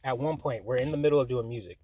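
A man with a husky, slightly breathy voice tells a chaotic story in casual chat. He swears freely and breaks into laughter, and his voice shoots high when he gets excited. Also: quick pace, lo-fi sound.

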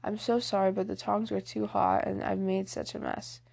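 A woman's voice: medium pitch, flat delivery, moderate pace, gravelly, darkish tone, slightly rough. A woman reading the lines of a tomboyish, clumsy teenage girl in an audiobook, blunt and rueful.

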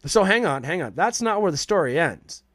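Man, chef guest on a podcast, spins a profane story with plenty of life, clear dry sound. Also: a little high, normal speed, no room sound. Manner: profane, animated storyteller acting out quotes. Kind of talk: casual storytelling in an interview.

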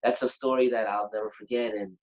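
A singer and performer telling a story in a lively, animated way, acting out moments and humming bits of songs. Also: male voice, lowish voice, quick pace. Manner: animated, acts out moments, sings snippets. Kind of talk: casual storytelling. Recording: dull lo-fi sound.

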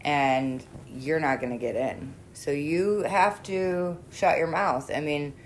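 A woman's voice: deep voice, slow, slight background noise. A middle-aged woman therapist speaking frankly and bluntly in a conversational interview, laughing easily and swearing now and then. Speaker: therapist working with sex offenders.

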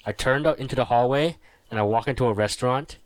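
Fast-talking young man telling a story. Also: no room sound. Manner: animated storytelling, acts out quotes with sudden high yelps. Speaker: podcast co-host. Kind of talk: casual chat.

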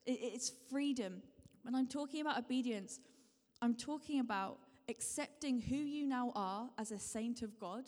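A woman's voice: on the high side, moderate pace, a little mellow. A woman giving a sermon, repeating her points and putting questions to the congregation. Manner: repetitive, encouraging, asks the congregation questions. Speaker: preacher. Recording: long hall reverb.

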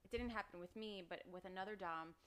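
A woman's voice: mid-range voice, fast, clean tone. A young woman, a podcast guest, telling candid stories in a casual chat. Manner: candid storytelling, frequent laughs. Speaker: podcast guest, former dominatrix.

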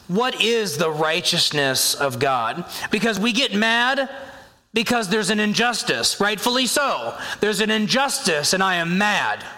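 A man preaching a sermon as a pastor, talking in a conversational, animated way and acting out inner voices. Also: high-pitched. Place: church sanctuary. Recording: long hall reverb.

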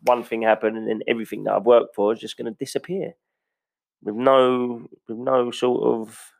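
A gravelly-voiced man talks bluntly and passionately, throwing in the odd swear word. His pitch sits in the middle range, and the recording is close and dry. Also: little pitch movement, normal speed, no echo. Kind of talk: casual opinion rant.

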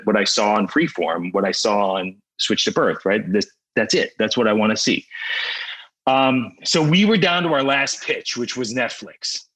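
A man telling the story of pitching his show in a casual interview, rambling with many fillers and restarts. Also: fairly bright tone, breathy edge, rough recording.

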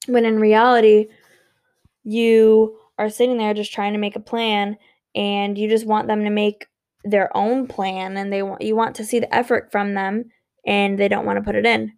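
Brief: tired woman vlogger, frank and foul-mouthed, a bit higher-pitched, with gravelly fry. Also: darkish tone. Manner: blunt, profane, emphatic, repetitive. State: sleepy and yawning. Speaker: vlogger giving relationship advice. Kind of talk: casual unscripted advice monologue.

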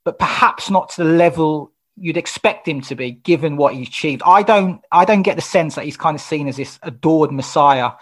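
A man hosting a podcast interview, asking questions in a quick, inquisitive way and thinking aloud as he goes. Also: fairly high pitch. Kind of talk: casual interview chat.

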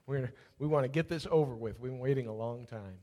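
A man's voice: mid-range voice, quick pace, warm tone. A man preaching a sermon, telling a personal story and building to fervent preaching. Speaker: pastor.

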